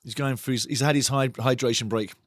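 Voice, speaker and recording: A man hosting a live football watchalong, calling the match excitedly and reading chat messages aloud. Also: medium pitch, a little fast, no echo. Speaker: watchalong host. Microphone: studio mic.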